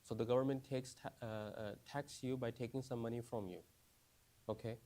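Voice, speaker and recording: His voice is medium-pitched and dark, with fairly even intonation and a slightly fast pace. He's teaching new Muslims conversationally, repeating phrases, asking the class question after question, and saying "right?" and "you understand?" a lot.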